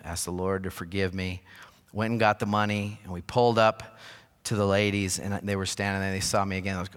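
A man's voice: lowish voice, fairly even intonation, fast talker, a bit bright, clear, resonant tone, in a large hall. A man preaching a sermon as pastor, telling personal stories with self-deprecating humor. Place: church sanctuary.

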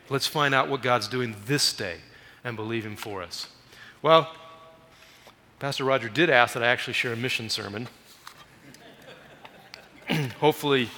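Animated bright-voiced male preacher. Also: mid-range voice, big-room sound. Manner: animated storytelling, raises voice for emphasis. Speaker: guest missionary preacher. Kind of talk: sermon. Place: church sanctuary.

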